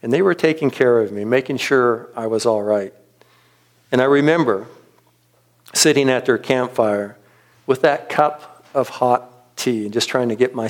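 A middle-aged man speaks in a gentle, earnest sermon voice. He tells his story slowly and reflectively, pausing often between phrases. His pitch sits in an ordinary middle range. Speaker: pastor.

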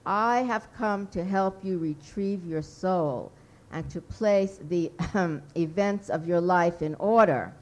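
A pompous, impatient little baron holds forth in a grandiose, condescending way, as a woman reading her story gives him voice. The delivery sits low and unhurried, each phrase drawn out. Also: a little mellow.

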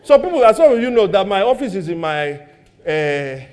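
A middle-aged man with a Nigerian accent, a pastor preaching a sermon with animated rhetorical questions and jokes about his own household. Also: sits high, moderate pace.

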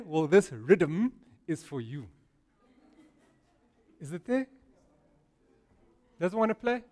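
A man preaching a sermon to a congregation, speaking playfully and often checking in with "right?". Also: high voice. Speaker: pastor. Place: church service with a live congregation.

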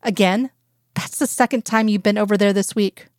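A woman voicing a weary, reluctant female agent in a story reading, flat and tired. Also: mid-range voice, moderate pace, no echo, studio quality, lightly acted.

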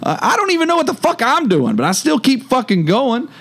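An American man on a podcast launches into an emphatic, profane rant. His pitch swings widely as he hammers his points home. He talks like a regular co-host. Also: wildly swooping pitch, brisk, vocal fry, fairly bright tone. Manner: heated, swearing, emphatic.

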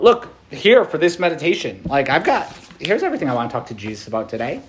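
A Catholic priest giving a conversational preached meditation, casual and animated, with plenty of fillers. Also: male voice, a little high, a little fast, slight background noise.

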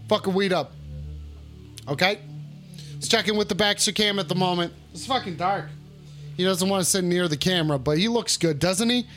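A man hosting a call-in livestream, swearing a lot and shouting the same catchphrase over and over. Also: high-pitched, moderate pace, pauses often, faint music behind. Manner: rowdy, swearing, repeats his shouted catchphrase. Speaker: call-in stream host. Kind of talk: profane casual livestream banter.

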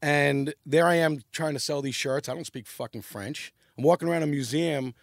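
A man's voice: on the high side, normal speed, vocal fry, no echo, studio quality. Profane New man telling stories. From New York. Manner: animated, profane, rambling storytelling. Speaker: podcast guest. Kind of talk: casual storytelling chat.

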